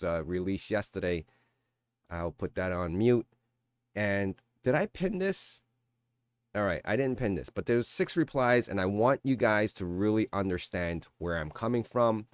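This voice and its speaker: Animated rambling man on a crypto vlog. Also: lowish voice, dry recording. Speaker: crypto YouTuber. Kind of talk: casual vlog commentary. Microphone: shotgun mic.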